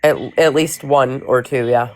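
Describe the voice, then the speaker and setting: A man in a casual group discussion who speaks in a measured way and restates points. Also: mid-range voice, steady tone, a little hiss or hum.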